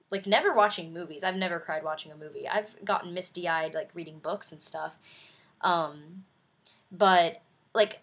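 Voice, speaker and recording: Breathy young woman vlogging. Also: on the low side, fairly bright tone. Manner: chatty and effusive, rambling with many fillers. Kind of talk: casual video review.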